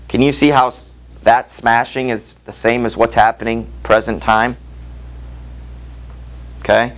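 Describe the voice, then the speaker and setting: A male literature teacher with a mid-range voice lectures in a conversational manner, reading passages aloud and tossing rhetorical questions to the class. The recording is rough.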